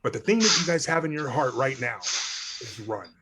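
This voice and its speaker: A man's voice: mid-range voice, big pitch swings, normal speed, pushed and bright. A young man acting as game master, narrating a live tabletop game in a rambling way with lots of fillers.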